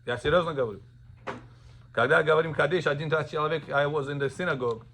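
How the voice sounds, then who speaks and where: Rabbi guy teaching a class, kinda high bright voice, quizzing students, telling stories, hopping between languages. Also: quick pace. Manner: animated storyteller, quizzes students, mixes in Russian and Hebrew. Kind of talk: Torah class on Sabbath laws.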